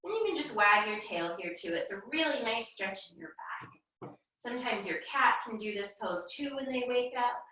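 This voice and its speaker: A woman's voice: on the high side, expressive, moderate pace, heavy reverb, recorded from a distance, poor audio. Cheerful woman guiding kids' yoga. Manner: gentle, encouraging, sing-song instructions. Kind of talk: guiding a children's yoga class.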